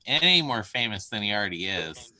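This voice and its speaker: A man's voice: fairly low pitch, sing-song, brisk, crowd noise. A man hosting a casual live stream chat, talking earnestly and rambling a little, often trailing off between thoughts.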